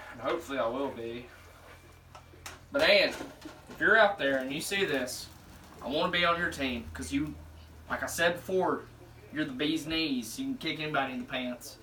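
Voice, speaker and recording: A young man in his twenties from Alabama rambling and joking in slang while he cooks, pitching himself for a cooking show. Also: bright, forceful tone. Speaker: show applicant. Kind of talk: casual audition vlog while cooking. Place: home kitchen. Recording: echoey kitchen, voice from far off, faint noise.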